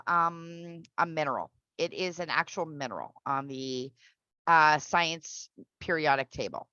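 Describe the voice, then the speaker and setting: A woman teaching an English pronunciation class online. She explains patiently and repeats each example slowly. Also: deep voice, pushed and bright, clean tone, dry recording, highs cut off.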